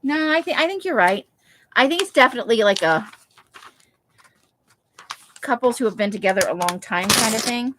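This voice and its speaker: A woman's voice: on the high side, expressive, normal speed, pauses often, noisy background. A woman hosting a live craft session, chatting casually and thinking aloud while she cuts pictures from magazines. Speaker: craft livestream host. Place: home craft room, Las Vegas.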